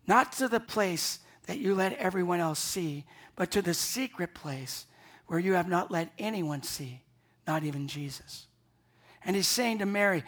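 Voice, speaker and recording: A man's voice: sits high, lively intonation, measured pace, fairly bright tone. A man preaching an Easter morning sermon, earnest and emphatic, often repeating words as he builds a point. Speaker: pastor.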